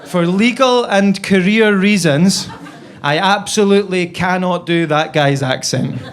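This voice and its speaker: A man's voice: high voice, a little slow, heavy background noise. A Scottish man doing stand-up, telling a long story chattily and tagging his lines with "right?". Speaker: stand-up comedian.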